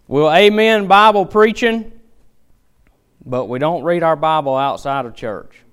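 A man preaching a sermon with a clear, resonant, slightly high voice. He tells folksy stories and drives his points home with emphatic, animated delivery. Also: a little slow.

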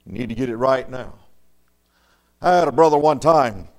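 A man preaching a storytelling sermon in a folksy way, dropping to soft murmurs and rising to loud, emphatic lines. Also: medium pitch, moderate pace.

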